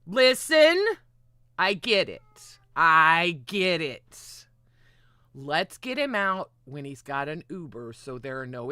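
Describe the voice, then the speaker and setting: A woman hosting a livestream in casual, rambling chat, excitable and often swearing. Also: sits low, no room sound, clean studio sound. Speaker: livestream host.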